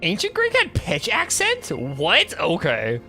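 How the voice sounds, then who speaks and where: A man's voice: high-pitched, huge pitch swings, takes it slowly, gravelly, pushed and bright. A male streamer in casual live game commentary who chats, muses aloud and repeats words while he works them out.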